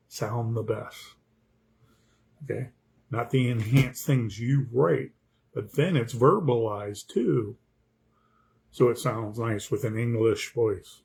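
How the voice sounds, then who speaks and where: A man with a gravelly, husky voice talks through his thoughts on writing as an author. He rambles and restarts, and he keeps turning to the listener with a quick "okay?". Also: medium pitch. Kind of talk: casual talk on writing craft.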